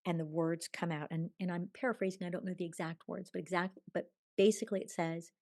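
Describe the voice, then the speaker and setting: A woman guest telling a personal spiritual story in long, tumbling sentences, swinging from hushed murmurs to bright exclamations. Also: fairly low pitch, steady tone, fairly quick, no echo, clean studio sound. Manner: chatty, tumbling run-on sentences. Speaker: podcast guest.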